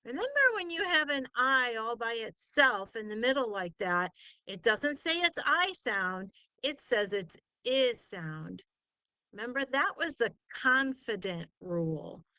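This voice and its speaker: Her voice is on the high side, sharp yet clear and resonant, with lively intonation and a measured pace, and there's no room sound. She's a spelling teacher patiently tutoring a student, sounding out syllables and praising answers in a slow lesson.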